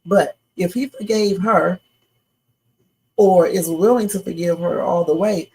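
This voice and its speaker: A woman's voice: lowish voice, unhurried, darkish tone, rough recording. A woman hosting a live reaction stream, giving her opinions in a chatty, outspoken way and talking to viewers. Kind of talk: casual live reaction commentary.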